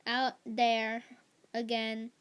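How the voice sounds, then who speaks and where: A woman reading aloud, voicing a hurt young girl who is pressing her mother, in a slow, halting delivery. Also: on the high side, monotone, fairly bright tone, smooth.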